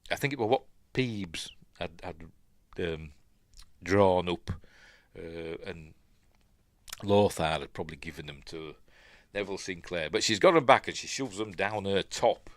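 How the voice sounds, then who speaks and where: Unhurried and expressive, a low-pitched middle-aged man with a Yorkshire English accent rambles through a casual film watch-along, peppered with ums and uhs. This Yorkshire-born film review host now and then playfully mimics characters, and there's no room sound.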